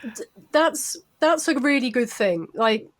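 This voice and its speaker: A woman's voice: sits high, animated, measured pace. A woman student speaking on a live panel in a reflective, rambling way, with frequent restarts.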